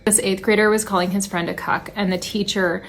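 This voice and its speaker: A young adult woman, a teacher, telling funny classroom anecdotes in a dry, deadpan way and quoting her students. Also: mid-range voice, a little fast, a little hiss or hum. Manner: deadpan, wry delivery with quoted student voices. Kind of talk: anecdotal storytelling.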